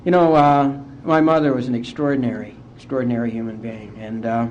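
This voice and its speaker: A middle-aged man from West Virginia, speaking as an AA speaker and telling his recovery story to a conference in a heartfelt, unhurried way. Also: medium pitch, little pitch movement, darkish tone, slight background noise. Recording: dull lo-fi conference tape.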